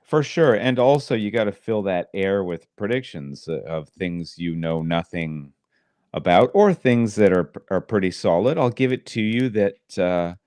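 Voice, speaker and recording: Man, low voice, dry teasing banter, podcast co-host, dry close recording. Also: animated, unhurried, darkish tone, no echo. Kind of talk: casual chat.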